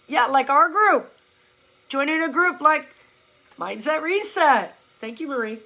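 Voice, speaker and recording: A woman with a high, bright voice coaches her viewers on a live stream. She talks bluntly and with emphasis, curses offhandedly, and mimics the excuses people give her. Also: expressive, a little slow, poor audio. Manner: blunt, emphatic, swears casually, acts out followers' complaints. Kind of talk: casual motivational live-stream talk. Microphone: phone or laptop.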